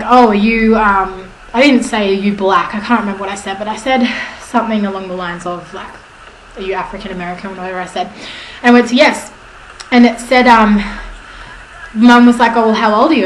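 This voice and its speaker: A woman's voice: a little high, fairly bright tone. A young woman vlogging at home, telling a story to camera in a chatty, rambling way with lots of fillers and self-corrections. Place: at home indoors. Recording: echoey room with faint background noise.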